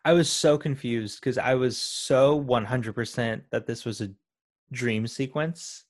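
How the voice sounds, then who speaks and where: A man's voice: medium pitch, unhurried. A man in a casual movie talk, chatty with many fillers. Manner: chatty, filler-heavy, laughing along. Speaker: podcast co-host.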